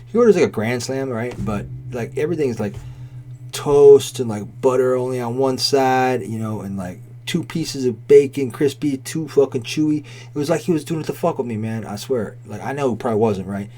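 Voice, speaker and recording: A man's voice: medium pitch, moderate pace, dark tone. A man in his forties telling a rambling, profanity-laden story in a casual way, with constant "right?" and "like". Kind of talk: casual spoken anecdote.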